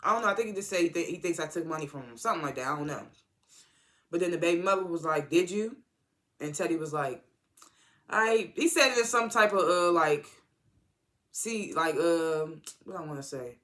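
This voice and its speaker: A TV episode reviewer in a casual recap, rambling and halting with lots of fillers and exasperated asides. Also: mid-range voice, expressive, bright, forceful tone.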